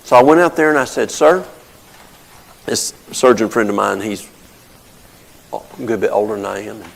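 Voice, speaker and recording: Gravelly older man teaching. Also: fairly low pitch, animated, moderate pace, slight background noise, low-quality recording. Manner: homespun, storytelling, explains with plain examples. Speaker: health talk presenter. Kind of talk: folksy teaching talk with anecdotes.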